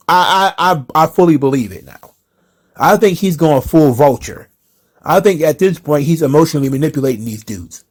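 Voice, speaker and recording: Animated, cursing man ranting about wrestling. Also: on the high side, moderate pace, breathy edge. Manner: animated, profane, repetitive, incredulous. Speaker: wrestling commentary host. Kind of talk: casual ranting commentary.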